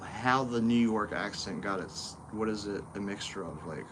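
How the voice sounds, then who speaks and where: A man's voice: on the low side, normal speed, very noisy. A man hosting a casual livestream chat with a friend, talking in a loose, rambling way and laughing easily. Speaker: host.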